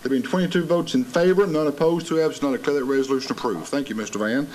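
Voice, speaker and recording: A man's voice: mid-range voice, fast talker, darkish tone, slight background noise, rough recording. Man chairing a county meeting. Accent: Southern American. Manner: formal, procedural vote calls. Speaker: commission chairman. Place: county commission meeting room.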